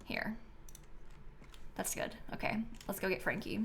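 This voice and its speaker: A woman game streamer chatting casually with her viewers as she plays, thinking aloud and often breaking into excited squeals and laughs. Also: mid-range voice, a little slow, vocal fry, a little hiss or hum. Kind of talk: casual live-stream chat while playing.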